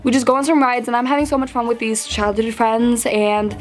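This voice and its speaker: A teenage girl telling a story to camera in a chatty, animated way, full of fillers and acted-out quotes. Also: fairly high pitch, brisk. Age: teens. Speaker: vlogger. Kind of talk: storytime vlog.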